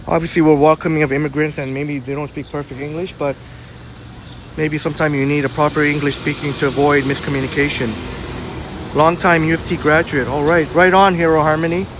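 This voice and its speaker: Fairly high-pitched and fairly bright, his voice moves briskly but with a flat delivery. He's a blunt man who calls himself a hothead, walking a city sidewalk on a live stream and chattily answering the chat he reads aloud, as faint traffic passes.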